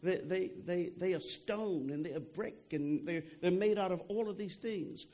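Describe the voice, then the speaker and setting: Man preaching, higher voice, young adult, chatty sermon, keeps asking okay?. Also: moderate pace, a little mellow. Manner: conversational preaching, frequent "okay?" and repeated words.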